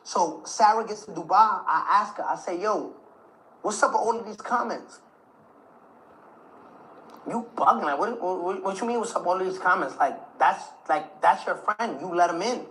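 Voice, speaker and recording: A man giving an emotional, animated account of his own story in an interview, acting out other people's words and often stammering and restarting. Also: normal speed, slight background noise, low-quality recording. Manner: animated, acts out quotes of others with jumps in pitch and loudness.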